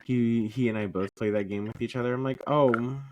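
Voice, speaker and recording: A man's voice: lowish voice, steady tone, quick pace, warm tone, slight background noise. A man co-hosting a casual podcast, joking around with playful, silly asides. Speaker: podcast co-host. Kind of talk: casual chat.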